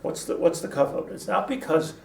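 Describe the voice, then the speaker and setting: A man's voice: sits high, animated, brisk, gravelly, a little mellow. A man teaching a casual Torah class, rambling with many restarts and mixing in Hebrew terms. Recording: echoey room, mic at a distance, faint hum.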